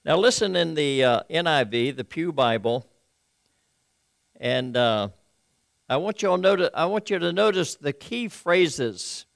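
Man, pastor, preaching a sermon, earnest and measured, gravelly tone, dry close sound. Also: on the high side, lively intonation, dry recording. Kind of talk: sermon with scripture reading.

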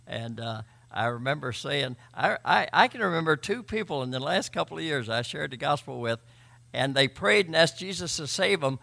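A man preaching a sermon, emphatic, swinging between loud and quiet and often repeating words. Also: a little high, animated, moderate pace, gravelly. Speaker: pastor.

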